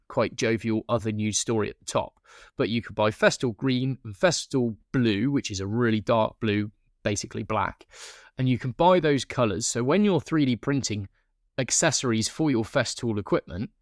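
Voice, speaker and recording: A man's voice: mid-range voice, no echo, studio quality. A man co-hosting a podcast, talking casually with frequent restarts and fillers. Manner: rambling, many restarts and fillers. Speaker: podcast co-host.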